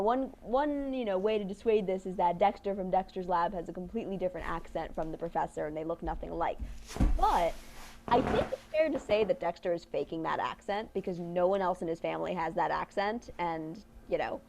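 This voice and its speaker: A woman's voice: fairly low pitch, brisk, gravelly. A young woman in her twenties chatting as a co-host, her voice bouncing up and down as she rambles and restarts. She talks over a faint hiss of background noise. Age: 20s. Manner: animated, rambling, many restarts and laughs. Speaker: podcast co-host. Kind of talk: casual chat.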